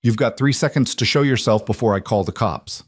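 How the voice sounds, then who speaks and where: A man's voice: medium pitch, fairly quick, no room sound, natural voice. A man voicing a stubborn, frightened young woman who argues back, with a dry close sound. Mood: defiant.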